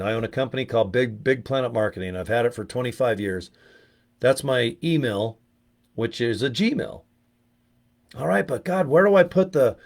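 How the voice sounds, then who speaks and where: A middle-aged man chatting casually to camera as a network marketing vlogger, rambling, swearing freely and jumping into animated stories. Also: mid-range voice. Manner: profane, rambling, animated storytelling. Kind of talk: casual talking-head chat.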